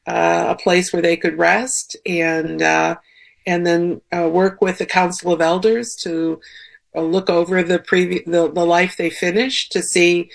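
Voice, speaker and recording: A woman's voice: lowish voice, vocal fry. A woman speaking as a guest on a call-in radio show, thoughtful and reassuring. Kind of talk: talk radio conversation.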